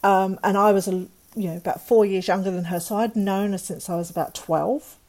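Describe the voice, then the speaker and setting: A woman's voice: mid-range voice, steady tone, a little fast, a little mellow. Woman telling a hard personal story. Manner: candid, emotional, quotes others in dialogue. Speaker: guest.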